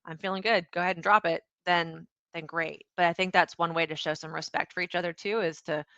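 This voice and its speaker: A woman's voice: low voice, dry recording, dull audio. A woman, a podcast guest, talking casually in an interview and acting out bits of quoted dialogue. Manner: animated, acts out quoted dialogue. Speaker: podcast guest, founder and CEO.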